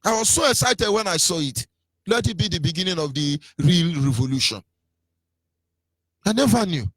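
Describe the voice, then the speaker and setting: A man's voice: high voice, expressive, normal speed, a bit bright, dry recording. A Nigerian man with a Nigerian accent giving an impassioned political radio talk, mocking and sing-song, his voice swinging between rises and drops. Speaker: radio commentator.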